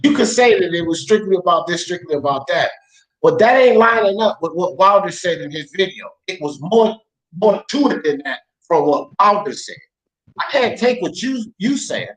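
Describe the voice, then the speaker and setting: Heated, profane sports talk host. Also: male voice, sits high, animated, moderate pace, a bit bright, poor audio. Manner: blunt, profane, argumentative; uses street slang. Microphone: podcast mic.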